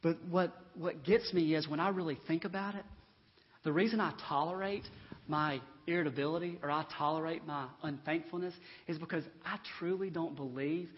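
A man preaching a sermon to his congregation in a church, swinging from loud emphatic lines to quiet, conversational asides. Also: a little high, moderate pace, breathy edge. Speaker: pastor. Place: church sanctuary. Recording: dull lo-fi sound in a long-reverb hall.

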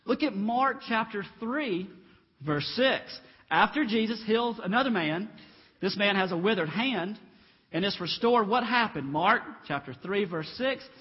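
A man preaching a lively sermon, acting out the voices in the Bible stories as he retells them. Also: high-pitched, a little slow, husky. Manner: animated storytelling, acts out Bible voices. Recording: dull reverberant hall.

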